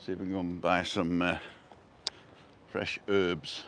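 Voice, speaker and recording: A man's voice: low-pitched, completely flat delivery, quick pace, fairly bright tone. English man, jokey walking-tour chat, outdoors, light traffic noise behind. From England. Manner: chatty, jokey, chuckles at his own quips. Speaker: vlogger. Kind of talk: casual walking tour commentary. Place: outdoors on a street.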